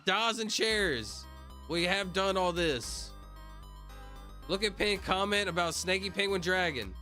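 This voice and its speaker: A man's voice: a little high, bright, forceful tone. A young man livestreaming, chatting casually with viewers in a rambling way full of fillers. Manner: rambling, talks to chat, many fillers.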